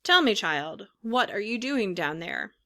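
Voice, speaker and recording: A woman voicing a large, calm, helpful male pigeon who talks in a matter-of-fact way. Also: medium pitch, unhurried, heavily acted.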